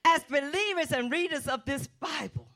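A woman's voice: high voice, moderate pace, fairly bright tone. A woman preaching a fervent sermon and calling on the Holy Spirit as she speaks.

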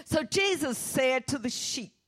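A woman's voice: sits high, animated, unhurried, fairly bright tone. A woman preaching a fervent sermon and calling on the Holy Spirit as she speaks.

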